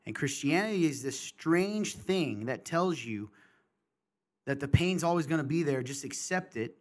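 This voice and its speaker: Middle-aged guy on a podcast, kinda high voice, blunt and fired up, talks in bursts. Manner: passionate, candid, talks in bursts. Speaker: podcast host. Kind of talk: casual chat.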